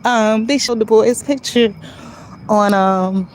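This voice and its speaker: A woman's voice: fairly high pitch, fairly even intonation, slow pace, a little hiss or hum, rough recording. A woman talking to her viewers in a casual, rambling vlog while walking outside, earnest and emotional. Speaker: vlogger speaking to viewers. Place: outdoors on a street, walking.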